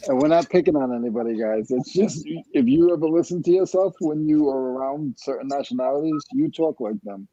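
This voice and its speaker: A man co-hosting a casual chat, jokey and quick to laugh. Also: mid-range voice, mellow, no echo, dull audio. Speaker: podcast co-host.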